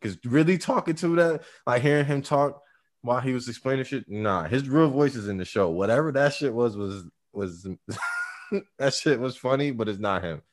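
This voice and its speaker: A man's voice: medium pitch, moderate pace. A man co-hosting a casual chat, profane and teasing, laughing often. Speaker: podcast co-host.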